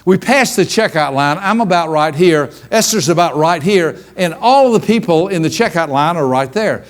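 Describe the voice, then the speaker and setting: A middle-aged man leading a business seminar, speaking in a voice that sits a bit higher than most men's. He tells stories in an animated way and acts out the scenes as he goes. His delivery keeps things moving with humor. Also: normal speed.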